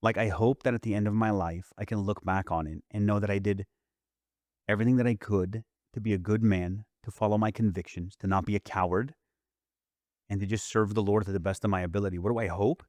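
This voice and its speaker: A man in middle age talks in an earnest, reflective way, as a podcast host. His voice sits fairly low. The recording is close and dry, with no room sound. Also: brisk, no room sound. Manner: earnest, reflective, quotes others in lively retellings. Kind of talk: earnest casual chat.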